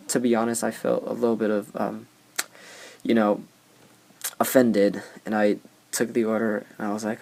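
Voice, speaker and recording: A man's voice: on the low side, steady tone, normal speed, vocal fry, mellow. A young man hosting a casual podcast, telling rambling anecdotes with many fillers. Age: young adult. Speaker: podcast host.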